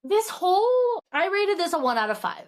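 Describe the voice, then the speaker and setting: A woman's voice: very high voice, big pitch swings, normal speed. A woman co-hosting a casual book podcast, chatty and retelling plots with many fillers. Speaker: podcast co-host.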